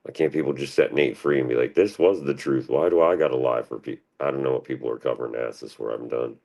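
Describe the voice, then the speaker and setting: A man with a very deep, gravelly, darkish voice talks quickly in a steady tone, delivering a rambling, profane monologue on his own stream. He's restless, jumping from one thought to the next.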